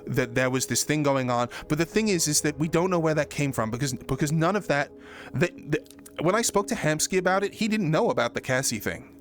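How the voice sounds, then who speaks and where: A man in a casual chat who swears a lot and rambles with many restarts. His voice jumps higher when he gets exasperated. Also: lively intonation, brisk. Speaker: roleplay streamer recapping his character's story.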